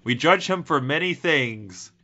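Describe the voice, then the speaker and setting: A man co-hosting a casual chat podcast, animated and playful in his manner. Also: fairly high pitch, measured pace, lo-fi sound. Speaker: podcast co-host.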